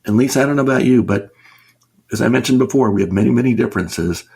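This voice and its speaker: A man's voice: medium pitch, fast talker, gravelly, a little mellow, breathy edge. A middle-aged man speaking earnestly as a guest in a conversational interview, stressing his points and asking rhetorical questions. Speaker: business author and consultant, guest.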